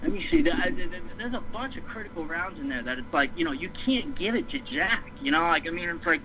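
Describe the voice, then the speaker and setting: A man's voice: fairly high pitch, big pitch swings, quick pace, pushed and bright. A man ranting hard about a boxing decision, swearing often and repeating himself as he builds his case. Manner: fired up, profane, repeats himself. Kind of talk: heated boxing rant. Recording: dull lo-fi stream with faint noise.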